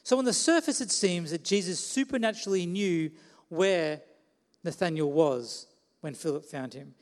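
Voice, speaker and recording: A man's voice: high voice, normal speed, big-room sound. A man preaching a sermon in a conversational way, putting questions to the listeners.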